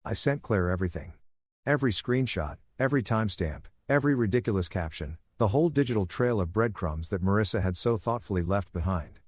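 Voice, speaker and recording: Soothing man narrating, low and dry. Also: brisk, slightly rough, dry recording. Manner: even, soothing storytelling. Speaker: story narrator. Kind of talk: first-person story narration.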